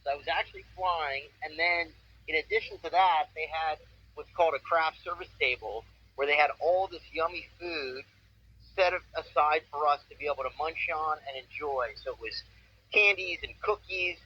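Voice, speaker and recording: A man's voice: fairly high pitch, normal speed. A man in his forties, a voice actor telling stories in a casual interview with an upbeat, enthusiastic manner. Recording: muffled with faint noise.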